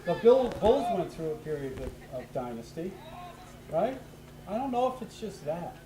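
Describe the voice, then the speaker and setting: A man chatting as a color commentator in the booth, asking quick questions. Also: on the high side, big pitch swings, reverberant, low-quality recording. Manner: asks questions, quick reactions. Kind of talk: casual booth chat.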